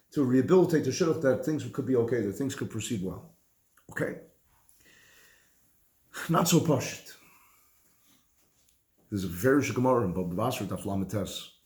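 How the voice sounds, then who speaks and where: A man, a rabbi, giving a lively conversational halacha class. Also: mid-range voice. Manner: animated, conversational, mixes Hebrew and Yiddish terms. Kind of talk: Torah class lecture. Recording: echoey room.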